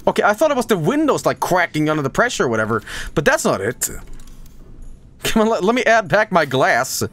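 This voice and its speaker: A man streaming a video game live, talking to his chat in a casual, excitable way, swearing often and breaking into loud repeated exclamations. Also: high voice, fairly quick. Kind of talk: live gameplay commentary.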